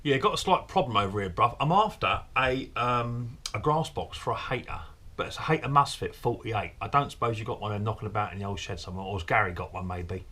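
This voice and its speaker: A man's voice: lowish voice, fast, pushed and bright. A man hosting a comic skit, chatting on the phone with friendly slang and stammering excuses. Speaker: mower repair channel host.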